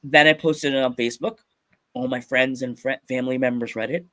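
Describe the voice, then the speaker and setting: A man from Pennsylvania hosting a casual podcast, telling stories with lots of excitement and frequent laughter. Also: mid-range voice, a little fast, dry recording. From Pennsylvania, USA. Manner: excited storytelling, laughs often. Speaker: podcast host.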